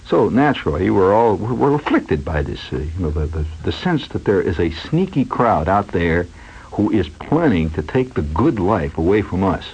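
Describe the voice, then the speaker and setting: A low, slightly husky man talks his way through a meandering late-night radio monologue, his pitch swinging up and down as he muses and tells stories with plenty of asides. The sound is dull and lo-fi, like an old radio broadcast from a studio. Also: very animated, normal speed, darkish tone. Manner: wry storyteller, musing aloud with many fillers and asides. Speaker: radio host.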